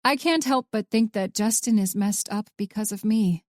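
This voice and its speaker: A woman voicing a troubled young female FBI agent in an audiobook, speaking softly and hesitantly. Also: medium pitch, normal speed, no echo, clean studio sound, close to an everyday voice.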